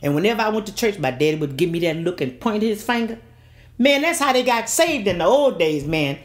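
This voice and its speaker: An older woman from Mississippi, telling a story in a lively, preacher-like way and acting out every character. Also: mid-range voice, fairly quick. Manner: animated, acts out every character.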